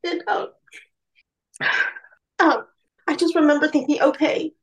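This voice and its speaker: A woman speaking as an interview guest, telling her own painful story in a candid, halting way. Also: sits high, steady tone, a bit bright, muffled recording. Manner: candid, halting, emotional retelling. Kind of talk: personal storytelling.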